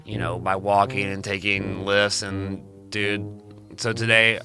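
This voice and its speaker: Laid-back low-voiced young man telling stories. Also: flat delivery, a little slow, music in the background. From Mississippi. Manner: laid-back, says "dude" often, laughs between lines. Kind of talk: casual storytelling chat.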